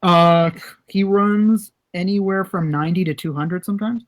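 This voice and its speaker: A man's voice: high-pitched, moderate pace. A young man co-hosting a casual podcast, telling rambling stories and swearing freely. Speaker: podcast co-host.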